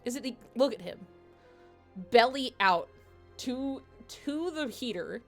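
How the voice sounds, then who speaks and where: A woman's voice: a little high, slow pace, faint music behind. A woman streaming a video game at home, chatting casually and telling stories with lots of giggles. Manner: giggly, animated storytelling. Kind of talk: casual chat while playing a video game.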